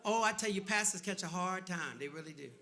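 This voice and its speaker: A man's voice: high voice, fast talker, bright, forceful tone. A man who is a pastor, telling stand-up stories in a church setting with punchy asides and calls to the audience. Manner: storytelling with punchy asides and audience call-outs. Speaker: pastor doing stand-up comedy. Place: church stage before a live audience.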